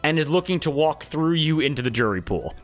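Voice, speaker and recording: A man narrating a tabletop game as its game master, animated and switching into character voices. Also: a little high, brisk, soft background music.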